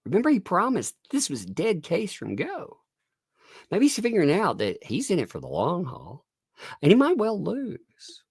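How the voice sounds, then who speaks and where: A man's voice: sits high, wildly swooping pitch, moderate pace, creaky, breathy edge, dry recording, clean studio sound. A middle-aged man hosting a live commentary stream on a court case, sarcastic, laughing often and swearing. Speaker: commentary livestream host.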